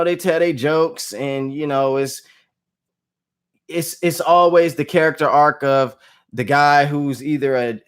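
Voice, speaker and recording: A man talking casually to his vlog audience, reviewing a movie with animated outbursts and low asides. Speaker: movie vlogger.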